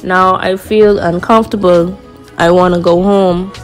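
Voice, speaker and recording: A young woman with a Bahamian accent tells her viewers a story in a loose, casual way. She acts out each line she quotes. Soft music plays faintly behind her. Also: lowish voice, steady tone, unhurried. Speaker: vlogger.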